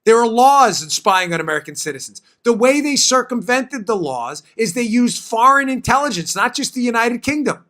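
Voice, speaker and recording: A man hosts a political talk show in a high, bright voice. He hammers his points home, often saying a line twice for stress. Quick asides break into his delivery. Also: big pitch swings.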